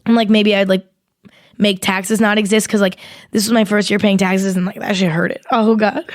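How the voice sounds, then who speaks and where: A young woman hosting a casual solo podcast, rambling and swearing as she talks in an animated, exaggerated way into a close mic. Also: medium pitch, normal speed, no echo. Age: young adult. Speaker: podcast host.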